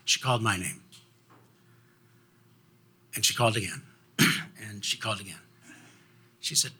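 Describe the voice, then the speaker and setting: A man telling a personal story in an animated way, laughing often and restarting his sentences. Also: on the low side, a little slow, long pauses, husky.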